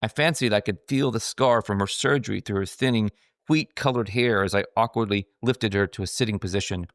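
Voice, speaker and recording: A middle-aged man with a slightly low voice reads his own memoir aloud, wry and self-mocking. The recording is dry and close, with no echo around the voice. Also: fairly quick. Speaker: author narrating his own book. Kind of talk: scripted memoir narration.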